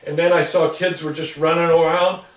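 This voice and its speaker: A man's voice: fairly high pitch, flat delivery, moderate pace. A man in his sixties being interviewed, telling a long rambling story about his past and acting out what others said along the way. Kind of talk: casual recollection. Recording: roomy sound from a distance.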